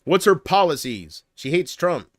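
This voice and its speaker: A man's voice: on the high side, sing-song, a little slow, no echo. Rambling joking man on a livestream. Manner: rambling, joking, laughs at his own jokes. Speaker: livestream host. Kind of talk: casual livestream chat.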